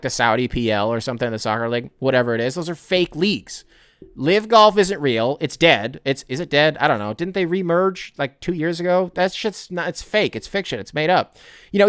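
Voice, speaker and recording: A man hosts a casual sports podcast in a smooth, clear voice that sits a little high and has a fairly bright tone. He rants heatedly, swears freely and keeps restarting his thoughts in a rambling way. The recording is dry and close, with no room sound.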